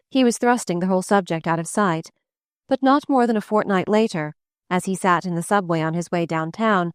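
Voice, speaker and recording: A woman narrating a classic novel in a measured, even-toned reading, recorded close to the mic. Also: mid-range voice, clear, resonant tone, no echo. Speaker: audiobook narrator. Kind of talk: scripted literary narration.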